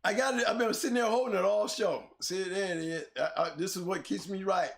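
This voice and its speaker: A man's voice: sits high, brisk, gravelly. A man co-hosting a casual dog-show talk, laughing hard and cursing freely. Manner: laughing, teary-eyed, profane. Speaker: podcast co-host. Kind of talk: casual chat. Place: on camera under a bright light.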